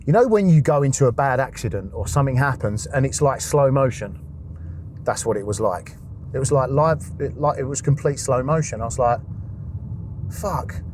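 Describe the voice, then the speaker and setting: A man's voice: mid-range voice, animated, fairly quick, darkish tone, slight background noise. A man, a podcast guest, telling a raw personal story, swearing often and acting out his past thoughts.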